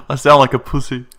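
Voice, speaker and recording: A man's voice: medium pitch, a bit bright, husky. Joking, blunt man hosting a live Q&A. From South Africa. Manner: joking, laughs often, crude and blunt. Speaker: channel host answering viewer questions. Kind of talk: casual live-stream Q&A.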